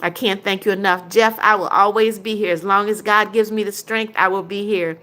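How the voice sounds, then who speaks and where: A woman's voice: mid-range voice, fairly even intonation, moderate pace, pushed and bright. An older woman hosting a livestream, reading viewers' chat comments aloud and answering each one briefly in a casual way.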